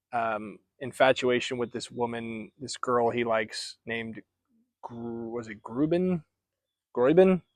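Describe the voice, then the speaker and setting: Male vlogger, mid-pitch, loose and chatty book-review delivery, dry close sound. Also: dry recording. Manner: chatty, rambling, self-correcting.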